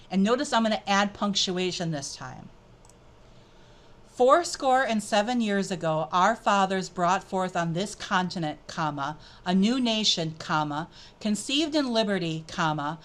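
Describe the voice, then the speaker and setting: A woman presenting an upbeat, chatty software tutorial as she clicks through a screencast. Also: on the high side. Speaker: edtech presenter.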